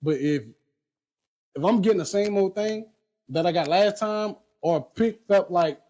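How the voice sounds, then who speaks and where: A man's voice: high voice, a little slow, warm tone. A man speaking emphatically in a casual podcast chat, often asking if you hear him.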